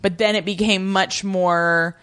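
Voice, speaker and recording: A woman co-hosting a podcast, recapping a TV drama in casual chat with a wry, animated manner. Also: medium pitch, a little slow, clean tone. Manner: animated, wry, mimics characters' lines.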